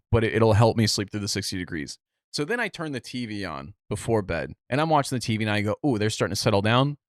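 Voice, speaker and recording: Man, casual podcast chat, rambling story with restarts, dry voice, no room echo. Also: medium pitch. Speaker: podcast co-host.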